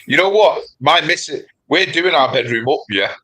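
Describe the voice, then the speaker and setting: A man's voice: fairly high pitch, animated, normal speed, sharp tone, poor audio. A man with a Manchester accent telling a story animatedly in casual chat, often repeating himself and saying mate. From England. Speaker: guest on a fishkeeping livestream.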